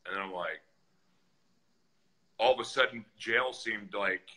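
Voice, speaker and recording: A man speaks as a guest on a live podcast, candid and earnest as he tells his own story. His voice is bright and forceful, and he leans hard into the retelling. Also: lowish voice, measured pace, poor audio. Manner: earnest, animated, acts out shouted voices in retelling. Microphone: live stream, reads comments on screen.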